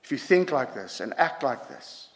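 A man's voice: mid-range voice, very animated, moderate pace. A man preaching a sermon to a congregation, emphatic and punctuating his points with "yeah?". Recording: long hall reverb.

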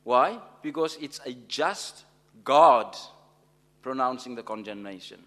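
Man, preacher, sermon, emphatic, rhetorical questions, animated pitch, church reverb. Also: unhurried. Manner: emphatic, rising to loud stresses, rhetorical questions. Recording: long hall reverb.

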